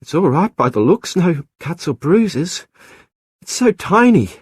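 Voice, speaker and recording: A man narrating a storybook puts on a young wife's voice, lifted far above his own and soothing in a soft, cooing way. The sound is dry and close to the mic. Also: fairly high pitch, big pitch swings, measured pace, breathy edge, no echo, pitched above the performer's own voice, exaggerated voice. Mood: tender. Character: young woman, lighthouse keeper's wife, tender. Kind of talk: audiobook character voice.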